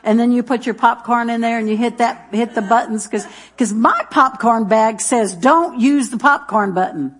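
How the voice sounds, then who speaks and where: A woman preaches to her church in a folksy, rambling way, with a touch of brightness in her fairly high voice. She drifts through homey stories with fillers and chuckles, then settles into reading scripture aloud. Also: steady tone, normal speed. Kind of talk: sermon with jokes and scripture reading.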